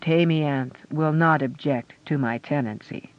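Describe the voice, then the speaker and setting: A man voicing an impassive, calm female queen dragon who speaks slowly and evenly. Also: fairly high pitch, natural voice. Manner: slow, measured, impassive. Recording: dull lo-fi audio.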